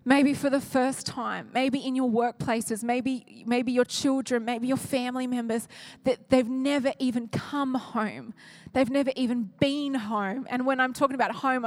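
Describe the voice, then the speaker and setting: Woman pastor, high voice, earnest emphatic sermon delivery. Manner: earnest, emphatic preaching with repeated phrases. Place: church.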